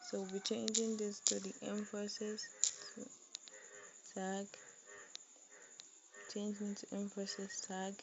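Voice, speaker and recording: A woman teaching a coding tutorial, dictating slowly as she types and repeating phrases. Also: mid-range voice, completely flat delivery, highs cut off, noisy background. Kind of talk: screen-recorded coding tutorial.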